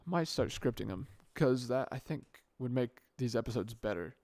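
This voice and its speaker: A man's voice: medium pitch, expressive, normal speed, darkish tone, dry recording. A young man hosting his own podcast, talking off the cuff on a good microphone, rambling and often restarting or correcting himself mid-sentence. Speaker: podcast host. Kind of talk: casual solo podcast monologue.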